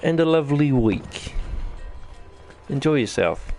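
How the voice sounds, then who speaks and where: A man from New Zealand with a New Zealand accent, talking through his gameplay in a rambling, self-deprecating way. His voice sits at a middle pitch with a gravelly, fry-edged texture. Faint game music plays underneath. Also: expressive, measured pace, darkish tone. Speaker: gaming channel host. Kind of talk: let's-play commentary.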